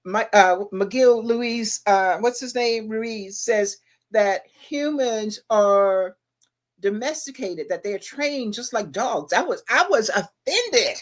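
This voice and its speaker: A woman's voice: fairly high pitch, animated, slow pace. Emphatic woman talk show co-host. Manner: emphatic, preachy, rhetorical questions. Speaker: podcast co-host. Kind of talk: casual livestream talk.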